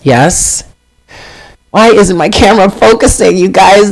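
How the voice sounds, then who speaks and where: A man hosting a casual live stream as a tarot reader, chatty, self-deprecating and quick to exclaim. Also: high-pitched, vocal fry. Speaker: tarot reader and channel host.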